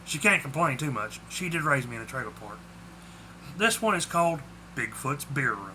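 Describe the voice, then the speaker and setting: A man's voice: medium pitch, big pitch swings, moderate pace, background noise. A man reading aloud his own short story, with small slips. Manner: plainly spoken with small slips. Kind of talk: storybook narration.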